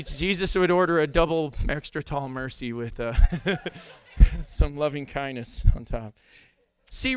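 High bright guy preaching, swings all over in pitch, dry close mic. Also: smooth, no echo. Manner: animated storytelling, jumping into shouted impressions. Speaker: pastor. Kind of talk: sermon.

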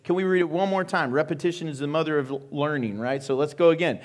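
A man preaching a sermon as pastor, animated and joking, asking the congregation questions. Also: a little high, fairly quick, few pauses.

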